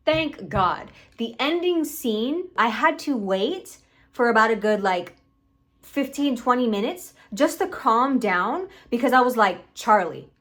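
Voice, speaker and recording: At home, a young Puerto Rican woman swears freely into a camera on a stand while giving emphatic, casual reaction commentary as a video host. Her voice is high-pitched and a bit bright.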